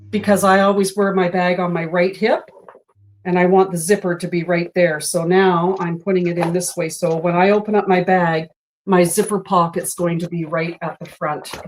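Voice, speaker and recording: A woman's voice: fairly low pitch, a little hiss or hum. Chatty woman in her sixties. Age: 60s. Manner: chatty, storytelling. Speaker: host. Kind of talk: casual chat while sewing.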